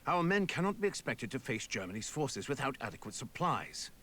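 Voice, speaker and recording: An actor playing a cautious, formal British officer in a video game cutscene, speaking in a clipped, polite way with a husky voice. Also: male voice, mid-range voice, very animated, fairly quick, fairly bright tone. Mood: measured. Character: stiff upper-lip British officer, cautious.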